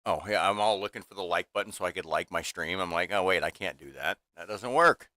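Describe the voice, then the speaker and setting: A man's voice: deep voice, fairly quick, pushed and bright, dry recording, clean studio sound. A man in his fifties venting casually to his livestream chat in a rambling way, full of restarts and fillers, from a small home workshop room. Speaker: livestream host.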